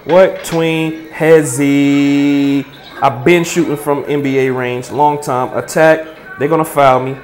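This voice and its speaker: Boastful young man calling his highlights. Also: fairly even intonation, slight background noise. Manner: boastful trash talk, quick play-by-play calls. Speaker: basketball player. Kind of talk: commentary over his own game highlights.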